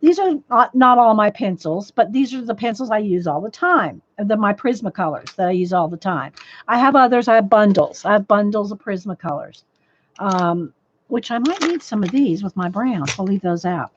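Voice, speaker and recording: A woman hosting an art livestream teaches colored-pencil drawing in a medium-pitched, expressive voice at moderate pace, rambling casually with many restarts and greeting viewers by name. Her voice crackles a little, and the desk microphone gives dull, dry lo-fi audio.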